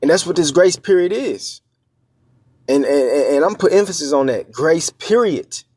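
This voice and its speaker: A man preaching in a loose, conversational way, often stopping to check that his listener is following. His voice sits a little high for a man and sounds dry and close, with no room around it. He stumbles through fillers and restarts, then slows down to read verses with care. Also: expressive, a little mellow, no room sound. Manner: conversational, checks in with frequent "all right?" and "man"; halting, with many fillers and restarts. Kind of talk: informal scripture teaching.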